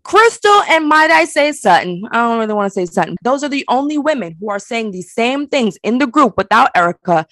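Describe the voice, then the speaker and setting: A woman co-hosting a casual recap chat, talking in a sassy, animated, slangy way. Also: fairly high pitch, a little fast, hardly any pauses, no echo. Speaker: podcast co-host.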